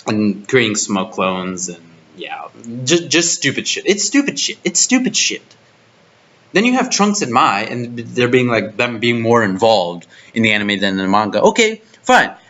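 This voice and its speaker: A man's voice: lowish voice, big pitch swings, moderate pace, few pauses, fairly bright tone. A young man reviewing an anime arc in a profane, exasperated rant full of restarts. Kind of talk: ranting video review. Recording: dull lo-fi mic.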